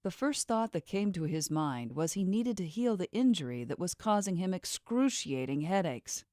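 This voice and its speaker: A woman narrating a novel as an audiobook in an even, measured reading. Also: lowish voice, dry recording, clean studio sound. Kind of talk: scripted narration.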